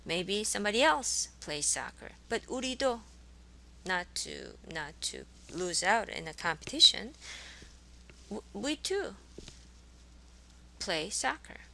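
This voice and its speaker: A woman's voice: mid-range voice, very animated, unhurried, vocal fry, long pauses, pushed and bright, slight background noise, low-quality recording. A woman teaching a college language class, explaining grammar patiently and modeling example sentences. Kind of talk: recorded classroom lecture. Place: college course recording.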